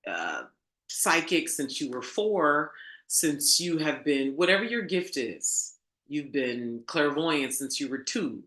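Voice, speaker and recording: A woman's voice: sits low, big pitch swings, slow, fairly bright tone. A woman coach giving a casual motivational monologue, emphatic and preachy, swearing and calling her viewers girl. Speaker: spiritual coach. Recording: echoey room.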